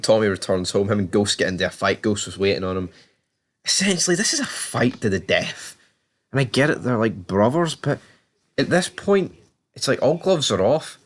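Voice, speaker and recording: A man with a somewhat low voice talks through a TV season in a loose, chatty recap. He swears freely and slips into quick quoted lines from the characters as he goes, keeping it conversational rather than scripted. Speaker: TV show reviewer. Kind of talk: casual recap and commentary.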